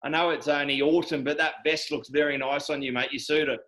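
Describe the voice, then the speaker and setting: A man's voice: fairly high pitch, steady tone, a bit bright, low-quality recording. Chummy Australian young man hosting. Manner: chummy, says mate constantly, halting. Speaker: host. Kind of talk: casual video call chat. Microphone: video call.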